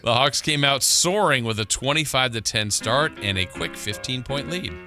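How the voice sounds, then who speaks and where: A man co-hosting a sports radio show, reading a game recap in a steady, dry way. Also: medium pitch, moderate pace, soft background music. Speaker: radio co-host. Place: radio studio.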